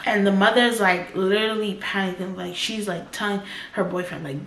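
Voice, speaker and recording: A woman's voice: medium pitch, fairly even intonation, fairly quick, few pauses, a bit bright. Young woman telling a story, roomy echo. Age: 20s. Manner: talks in loose run-on sentences full of "like". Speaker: storytime vlogger. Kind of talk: casual storytelling.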